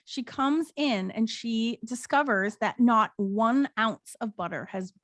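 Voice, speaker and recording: An American woman with a high voice tells an old folk tale on a podcast, reading passages aloud in a lively storytelling way. Her voice sits close and dry, with no room sound around it. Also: slow pace, dry recording. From United States. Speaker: podcast co-host. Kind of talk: casual chat, retelling a folk tale.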